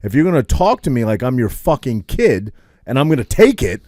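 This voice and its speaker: A man co-hosting a podcast, pressing his opinions bluntly and swearing as he goes. His voice is mellow and dark. The sound is close and dry, with almost no room echo. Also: medium pitch, sing-song, a little fast. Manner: blunt, argumentative, swears, trails off with fillers. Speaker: podcast co-host. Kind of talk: casual chat.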